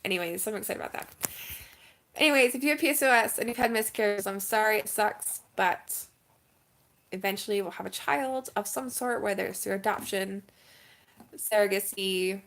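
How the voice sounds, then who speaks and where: A young woman vlogging to camera in a candid, chatty way, moving from earnest advice to bursts of excitement and near tears. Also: medium pitch, normal speed, creaky. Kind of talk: casual talk to camera.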